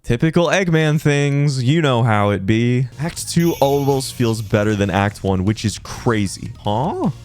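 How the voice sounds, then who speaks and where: A young man giving gameplay commentary with live reactions, excitable, swearing and yelling at the game. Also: medium pitch, unhurried, few pauses. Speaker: gaming video creator. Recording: game music playing behind the voice.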